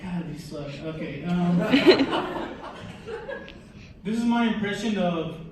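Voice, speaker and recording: A young man doing stand-up comedy in a halting, filler-heavy, deadpan way. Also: high voice, crowd noise. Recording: echoey club room, distant mic, background noise.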